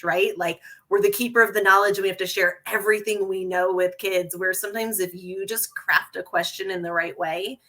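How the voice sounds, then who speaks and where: A woman's voice: fairly low pitch, sharp tone. A woman guest on a podcast, explaining earnestly and often checking in with "right?" as she talks. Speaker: guest copywriter. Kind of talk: casual podcast interview.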